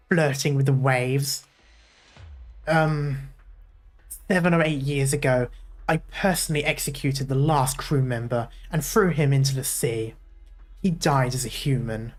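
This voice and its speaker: A gravelly, smoke-roughened ship captain, put on by a man reading a game's story aloud. His body is becoming part sea monster, and he speaks slowly and with menace. The voice sits in a middle register with faint music underneath. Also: medium pitch, natural voice. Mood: bitter. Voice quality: gravelly, smoky.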